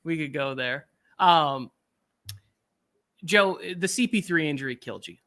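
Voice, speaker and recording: A man hosting a sports podcast with a bright, forceful tone and a voice sitting a touch high for a man. He talks in an animated, joking way and keeps the banter rolling. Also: measured pace. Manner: animated, jokey, slips into impressions. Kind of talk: casual sports talk.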